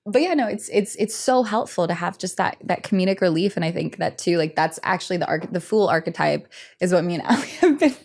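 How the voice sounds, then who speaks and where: Young female podcast guest, slightly low pitch, bubbly, giggly, rambling casual talk. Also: lively intonation, fast talker, vocal fry, darkish tone. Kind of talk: casual chat.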